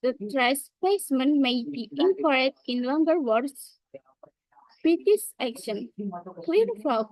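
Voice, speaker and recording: A woman student reads her part of a class presentation with a high, bright-pitched voice. She goes slowly and carefully, sometimes halting on a word. The recording is dry and close. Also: no echo, rough recording.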